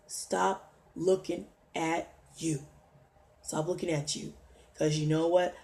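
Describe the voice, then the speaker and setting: A woman's voice: mid-range voice, darkish tone. A woman hosting a motivational livestream, exhorting her viewers and greeting them by name as she preaches. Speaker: livestream host.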